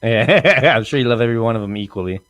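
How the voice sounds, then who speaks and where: A man in his thirties hosts a comedy podcast, telling a story with lots of animation, acting out quotes and laughing often. His voice is medium-pitched and fast, with no echo.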